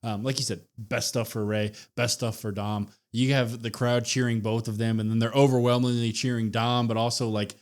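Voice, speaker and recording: A man's voice: medium pitch, moderate pace, hardly any pauses. Podcast co-host, male, mid-range voice, easygoing and chatty. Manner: relaxed, thinks aloud with fillers. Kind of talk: casual wrestling review chat.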